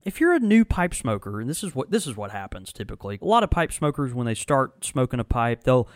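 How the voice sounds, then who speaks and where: A man hosting a casual chat, telling stories in a lively, rambling way with many restarts. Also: mid-range voice, fast, dry recording, studio quality. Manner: animated, storytelling with frequent restarts. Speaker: tobacco shop host. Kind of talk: casual conversational review.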